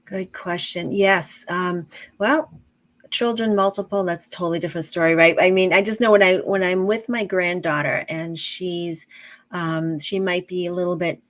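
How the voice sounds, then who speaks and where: Calm middle-aged woman, low-pitched. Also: normal speed, low-quality recording. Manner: calm, explains with long examples, many fillers and restarts. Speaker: guest, intuitive medium and teacher. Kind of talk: casual interview chat.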